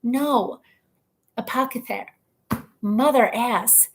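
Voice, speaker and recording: Woman live-streaming from home, fairly high voice, chatty and rambling, laughs at her own flubs, casual comment reading. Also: slow pace, slight background noise. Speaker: livestream host.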